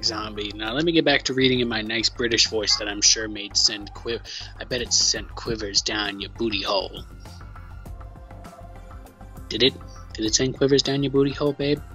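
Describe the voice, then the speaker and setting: A man's voice: medium pitch, normal speed, long pauses, pushed and bright, dull audio, soft background music. A man chatting casually on a live stream, swearing now and then and talking back to a co-host he can't hear. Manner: chatty, swears, laughs, talks to a co-host off mic.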